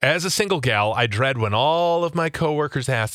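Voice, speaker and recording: A man's voice: medium pitch, lively intonation, a bit bright, dry recording, studio quality. A man co-hosting a radio show, reading out listener messages and joking with his co-host. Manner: jokey, quick to laugh.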